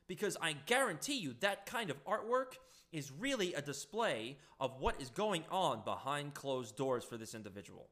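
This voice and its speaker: A man's voice: a little high, a bit bright. A man giving ranting political commentary, indignant and sarcastic, often stumbling over his words.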